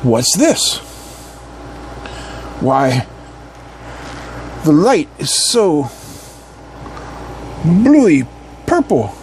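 A man's voice: a little high, wildly swooping pitch, very slow, pauses often, a little mellow, slight background noise, full character voice. A man voicing a curious, pompous lone mosquito in a put-on British accent, with theatrical, mock-genteel exclamations.

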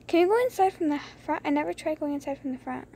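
A young woman chatting through a mouse game late at night, rambling and giggly, keeping her voice low so others can sleep. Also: expressive, quick pace, vocal fry, slight background noise. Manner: rambling, giggly, hushed to keep quiet. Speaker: gameplay streamer. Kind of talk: casual gameplay commentary. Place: bedroom at home late at night. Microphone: phone screen recorder.

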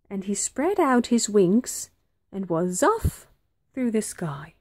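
A woman teacher reading a children's storybook aloud, slow and very expressive. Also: mid-range voice, slightly rough, dry recording.

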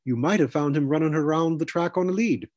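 A man's voice: fairly high pitch, brisk, darkish tone, pitched above the performer's own voice, lightly acted. A man doing a hearty Irish centaur trainee. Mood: cheerful. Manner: jovial, chatty, explaining. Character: big hearty red-haired Irish male centaur cavalry trainee.

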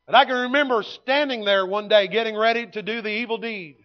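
A man, preaching a sermon in a folksy storytelling way that swings from loud to hushed. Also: sits high, brisk, highs cut off. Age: 50s. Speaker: pastor. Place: church sanctuary.

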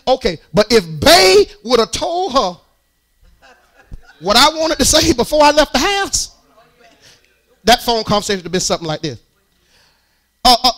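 A man preaching a sermon in church, speaking. He talks to the congregation in a conversational, animated way and builds to loud, strained peaks. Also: high voice. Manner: rises into shouted, strained peaks.

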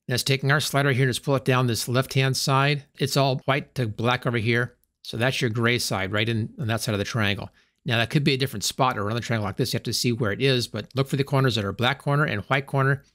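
A man narrates a screen-recorded tutorial at an unhurried, steady pace. He explains each step plainly as he works. His mid-range voice is recorded close and dry, with no room echo. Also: medium pitch. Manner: calm step-by-step instruction, talking through each action as he works. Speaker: tutorial host.

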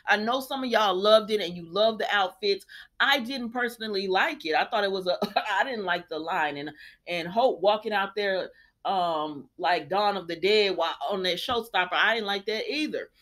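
A young adult woman hosting a casual soap opera recap, talking in a sassy, animated way and acting out the characters' lines. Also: medium pitch, moderate pace.

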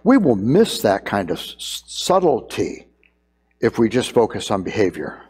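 A man's voice: lowish voice, huge pitch swings, measured pace, a little mellow, husky, big-room sound. A middle-aged man preaching a sermon as pastor, earnest and building to emphatic repeated phrases. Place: church sanctuary.

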